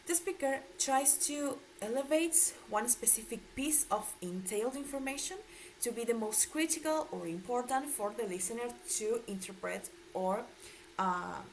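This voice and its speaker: A woman's voice: fairly high pitch, a little hiss or hum, low-quality recording. A woman student giving a class presentation on linguistics, explaining with frequent hesitations.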